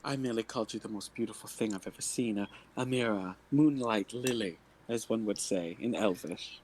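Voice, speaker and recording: A man's voice: lowish voice, brisk, darkish tone, slight background noise, rough recording. A man playing a bard in a tabletop game, speaking in flowery, theatrical compliments. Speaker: player.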